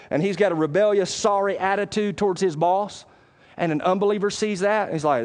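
Man, sermon, conversational, emphatic then quiet, high-pitched. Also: a little fast. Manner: conversational, swings between loud preaching and quiet asides. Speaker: pastor.

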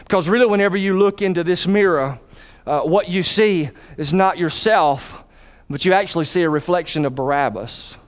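High-voiced man preaching a sermon. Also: moderate pace. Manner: calls for responses from the congregation. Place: church with a congregation.

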